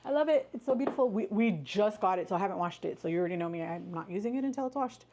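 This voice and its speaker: A woman's voice: medium pitch, expressive, very fast, dark tone, slight background noise. A woman hosting a casual live stream, chatting with viewers in an upbeat, friendly way, greeting them by name and cheering them on. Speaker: livestream host.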